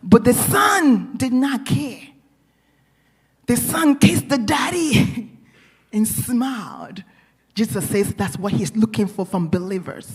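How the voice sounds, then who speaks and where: A middle-aged woman pastor preaches with earnest warmth and turns to her listeners with questions. Her voice sits high and has a husky, breathy edge. She tells her story with a lot of feeling. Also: lively intonation, slow. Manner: earnest, storytelling, addresses the congregation directly. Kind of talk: sermon.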